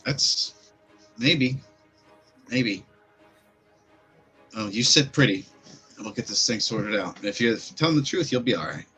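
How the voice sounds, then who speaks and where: A man's voice: medium pitch, animated, unhurried, long pauses, sharp tone, low-quality recording. A man voicing a wary captor who guards a prisoner and doubts his story, in a tabletop role-play. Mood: doubtful. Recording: faint music behind.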